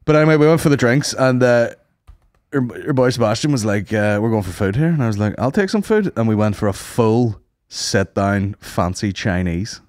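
A man's voice: on the low side, moderate pace, darkish tone, no room sound, clean studio sound. A man co-hosting a podcast, telling rambling, sweary anecdotes in casual chat and acting out what people said. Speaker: podcast co-host.

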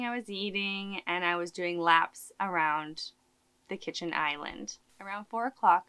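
A woman's voice: mid-range voice, fairly bright tone. A woman with a blocked nose from a cold, chatting casually as a mother vlogging and narrating her home birth, with plenty of filler words. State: congested from a cold. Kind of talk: casual vlog and voice-over commentary.

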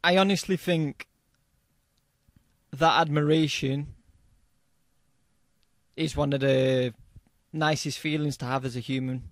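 Relaxed male podcast host. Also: fairly high pitch, slow pace, long pauses, dry recording. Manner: relaxed, encouraging, swears casually. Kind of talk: casual interview chat.

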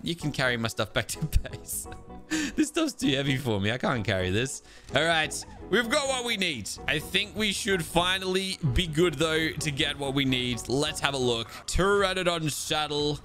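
Excitable young man narrating gameplay. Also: fairly high pitch, normal speed. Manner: excitable, talks to his creatures, sudden exasperated outbursts. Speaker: gaming video host. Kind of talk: let's play commentary. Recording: game music playing behind.

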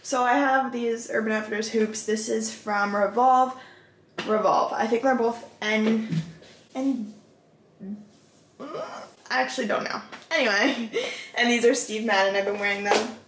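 A woman's voice: a little high, fairly even intonation, unhurried, roomy sound, a little hiss or hum. A young woman chatting casually into a phone camera, talking about her trip, full of fillers and a little out of breath. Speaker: travel vlogger. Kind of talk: casual vlog chat. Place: hotel room and car.

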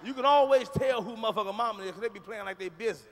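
A man doing a loud, profane, animated stand-up comedy routine on a live stage. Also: high-pitched, fast, background noise.

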